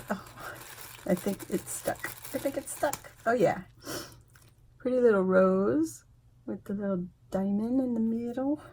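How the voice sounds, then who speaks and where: A craft vlogger opens a giveaway package, chatting casually and excitedly as she unboxes supplies, gushing, exclaiming and laughing often. Her voice is fairly high, a little mellow and husky.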